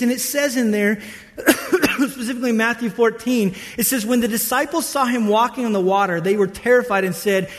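Preaching a sermon in a large hall where a long reverb follows each phrase, a pastor with a notably high voice speaks fairly quickly. He tells the story with lively, playful energy and acts out the voices of the disciples in it.

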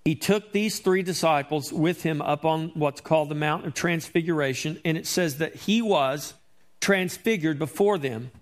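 A man's voice: fairly high pitch, moderate pace. A man preaching a sermon as pastor, reading scripture and explaining it emphatically, with rhetorical questions to his congregation.

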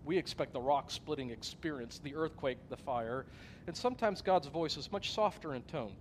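A man delivers a sermon with a slightly raised pitch, moving between forceful emphasis and quiet, near-whispered passages. He tells stories and jokes, acting out the quotes as he goes. A faint low rumble sits underneath. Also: lively intonation, normal speed. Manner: dynamic preaching, swinging from loud emphasis to hushed softness; storytelling with acted quotes and a joke. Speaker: pastor.

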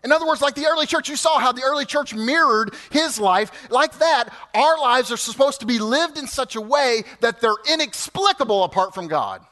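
A man in his fifties, a pastor preaching a sermon, animated and building to emphatic peaks. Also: very high voice, normal speed, few pauses. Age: 50s. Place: church sanctuary.

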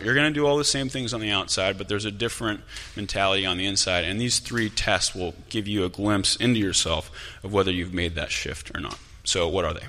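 Animated low-voiced male preacher in a hall. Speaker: pastor. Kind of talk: sermon. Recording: long hall reverb.

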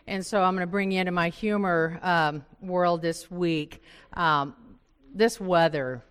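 A woman's voice: fairly low pitch, a little slow, smooth, long reverb tail. An older woman from Oregon, a Bible study speaker, telling a funny story to a group of women and acting out her own asides. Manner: animated, self-mocking storyteller who acts out her own asides. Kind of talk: storytelling talk to a live group. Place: church meeting room.

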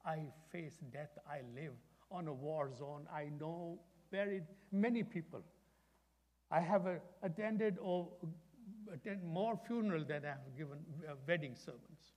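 An older pastor delivers a dramatic, story-driven sermon, swinging from loud emphasis down to hushed whispers. His voice sits on the high side and moves at a measured pace. The recording carries a long, echoing hall reverb.

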